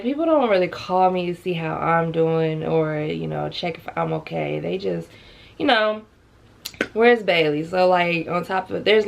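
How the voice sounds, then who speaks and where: A woman talks to her viewers in a slow, unhurried vlog. Her voice has a gravelly fry to it, and she sounds close to tears while staying chatty, calling them y'all. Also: fairly low pitch. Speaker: vlogger. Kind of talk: heartfelt casual vlog talk.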